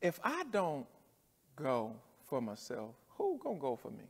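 A pastor preaching a sermon with a rhythmic cadence, dropping to near-quiet and rising to shouts. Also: male voice, medium pitch, creaky, slightly rough, in a large hall.

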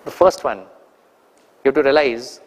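A man with an Indian English accent giving an animated, teasing training talk to an audience, throwing questions at them. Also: mid-range voice, slow pace, big-room sound. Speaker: corporate trainer.

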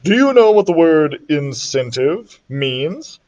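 A school principal speaking in a measured, formal way to a class, as a man reads him aloud. The delivery is even and unhurried, read from a children's storybook. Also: fairly high pitch, lo-fi sound. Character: calm male school principal.

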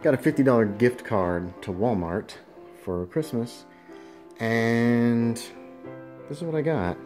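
A man of middle pitch chats through his day in a casual vlog, now and then turning to coo fondly at his dogs. Music plays clearly behind him. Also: takes it slowly, a little mellow. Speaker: vlogger. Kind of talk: casual daily vlog narration.

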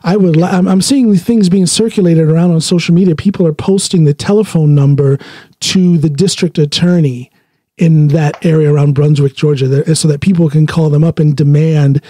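A man's voice: fairly high pitch, fairly even intonation, a little fast, mellow, no echo. A man hosting a casual podcast conversation, talking in an earnest, opinionated way. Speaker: podcast host.

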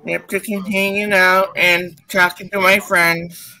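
A man's voice: high-pitched, flat delivery, slow pace, vocal fry, bright, forceful tone, low-quality recording. A man co-hosting a live stream, chatting casually and greeting viewers by name.

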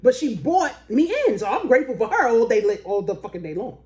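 A woman in her forties telling a story as a business coach, with a pitch that swoops up and down all the time. She talks casually, swears freely and acts out other people's words in a high, excited voice. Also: fast talker.

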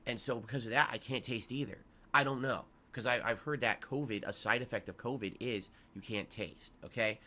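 Congested guy rambling about being sick, bright tense voice. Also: mid-range voice, a little fast, few pauses. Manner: rambling, complaining about illness. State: congested nose. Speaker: streamer. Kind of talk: sick-day update to viewers.

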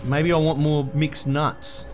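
A man's voice: fairly high pitch, flat delivery, slow, darkish tone. A man doing crude, jokey let's-play commentary with lots of swearing. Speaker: gaming host. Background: game music.

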